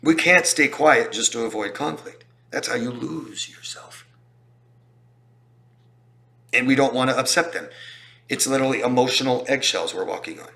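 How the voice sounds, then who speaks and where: A man's voice: medium pitch, normal speed, creaky, long pauses, bright, forceful tone. A man talking as a relationship coach in a casual explanatory style, emphatic and repeating points for stress. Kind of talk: casual explanatory talk to camera.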